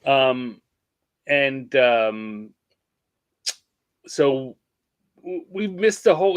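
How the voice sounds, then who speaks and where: A man co-hosting a casual podcast, joking with his co-host and then calmly laying out the episode plan over a remote call. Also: mid-range voice, very slow, long pauses, clean tone, no room sound. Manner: playful, jokey banter; organized, walks through the plan.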